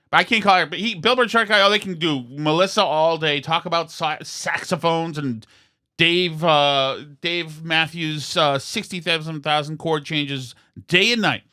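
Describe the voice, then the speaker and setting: Teasing high-pitched male podcast host. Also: bright, forceful tone. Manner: sarcastic, teasing. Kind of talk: casual banter.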